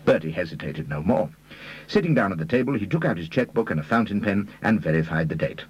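Low, husky-voiced male storyteller. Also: animated, quick pace, dry recording, low-quality recording. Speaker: audiobook reader. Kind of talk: scripted narration.

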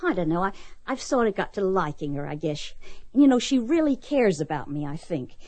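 An actress playing an earnest young woman with a conscience, speaking in an emotional, expressive way in a soap opera. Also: fairly low pitch, brisk, no echo. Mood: troubled.

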